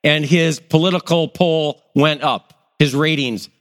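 A man's voice: a little high, unhurried, in a large hall. A middle-aged male pastor, telling stories in a sermon and acting out the voices in them. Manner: animated storyteller, acts out quoted voices. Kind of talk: sermon with personal storytelling.

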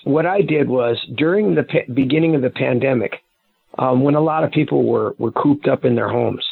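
A man's voice: mid-range voice, normal speed, creaky, slightly rough, no room sound. A man, a guest author and investigator, explaining things at length with some restarts over the phone. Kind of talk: casual interview talk. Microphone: phone call. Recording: tinny phone line.

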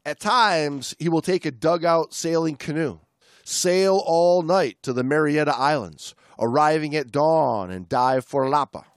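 A man's voice: on the high side, measured pace, no echo, studio quality. A male podcast co-host chatting casually and reading a story aloud with dramatic emphasis.

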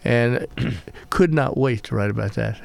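A middle-aged man from the American South, an author being interviewed, speaking reflectively with many halting restarts. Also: mid-range voice, gravelly. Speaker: author guest. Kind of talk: conversational interview.

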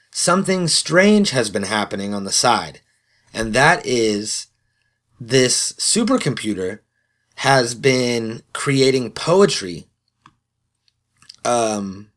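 Speaking into a studio podcast mic, a man introduces his solo podcast in a relaxed way. His voice sits at medium pitch with a fairly bright tone, and he mixes in cursing and jokes at his own expense.

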